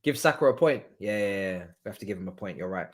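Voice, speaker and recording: A young man hosting a live football watchalong, talking in an excitable, slangy way, laughing often and swinging from loud outbursts to quiet asides. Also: fairly low pitch, quick pace. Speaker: livestream watchalong host.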